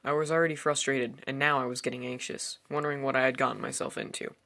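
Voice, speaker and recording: A man's voice: mid-range voice, level tone, fast, creaky, bright, forceful tone. A man reading a first-person horror story aloud in a tense storytelling manner. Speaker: narrator. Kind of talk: scripted horror story narration.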